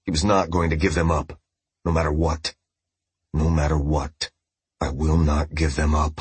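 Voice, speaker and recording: A man playing a broken, quiet prisoner. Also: very deep voice, little pitch movement, moderate pace, slightly rough, dry recording, heavily acted. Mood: defiant. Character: broken male prisoner, defiant but frightened.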